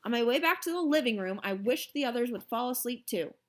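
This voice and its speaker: A woman reading a children's novel aloud in an expressive storytelling manner. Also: a little high, fairly quick. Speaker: reader.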